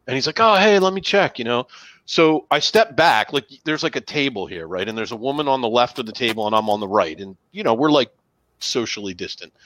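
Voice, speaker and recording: Casual male co-host, mid-pitched, rambling storyteller who slips into other people's voices; dry, close sound. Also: lively intonation, a little fast, fairly bright tone, no room sound. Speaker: podcast co-host. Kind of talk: casual chat.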